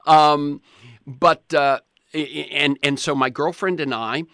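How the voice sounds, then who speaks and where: An older man in his seventies hosts a conversational interview, his voice bright and forward. He rambles through personal stories, doubling back and restarting his sentences often. The sound is close and dry, with no room around it. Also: fairly high pitch, steady tone, a little slow, vocal fry, clear, resonant tone, no room sound. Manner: rambling storyteller, frequent restarts. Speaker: podcast host.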